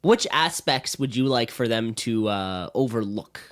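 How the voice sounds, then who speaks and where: A young man co-hosting a comedy podcast, rambling through his points with lots of fillers and restarts. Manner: rambling, halting with many fillers, lively swings in pitch. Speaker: podcast co-host. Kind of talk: casual comedic chat.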